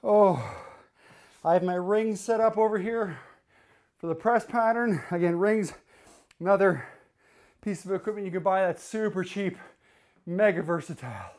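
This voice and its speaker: A man's voice: high-pitched, normal speed, pauses often, darkish tone. A man leading a home workout as a fitness coach, giving coaching cues and counting reps while he does the exercises himself, getting out of breath during the sets.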